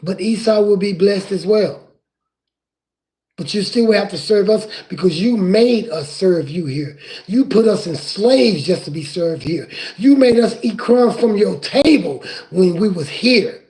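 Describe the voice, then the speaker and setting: A man preaching from scripture in an impassioned way, rising at times to crying shouts. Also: high voice, expressive, unhurried.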